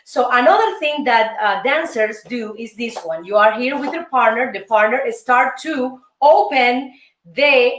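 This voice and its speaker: A woman's voice: fairly high pitch, measured pace, a bit bright. A woman from Cuba with a Cuban Spanish accent, hosting and teaching salsa steps, counting beats aloud in an upbeat, coaxing way. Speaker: host and dance teacher. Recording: roomy sound from a distant mic with music playing.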